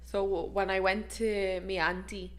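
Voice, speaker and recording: A young woman from Dublin with a Dublin Irish accent, co-hosting a podcast, reacting quickly and retelling stories in casual chat. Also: mid-range voice. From Dublin, Ireland. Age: young adult. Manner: laughs easily, quick reactions, animated retelling. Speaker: podcast co-host.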